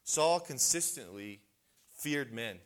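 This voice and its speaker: A man's voice: mid-range voice, animated, slow pace. Earnest man preaching with restarts. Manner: earnest, conversational, with frequent restarts. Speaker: men's retreat speaker. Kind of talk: sermon.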